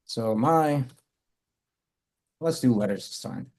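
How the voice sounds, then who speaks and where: Male coding instructor, live lesson, explains step by step, self-correcting, average pitch. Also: slow, darkish tone. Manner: talks through code step by step, self-correcting.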